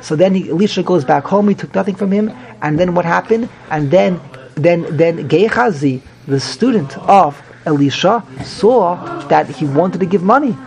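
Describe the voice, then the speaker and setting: A man teaching a Talmud class, an animated, repetitive, joking storyteller who mixes in Hebrew and Yiddish terms. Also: high voice, moderate pace, creaky. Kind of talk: Daf Yomi Talmud class.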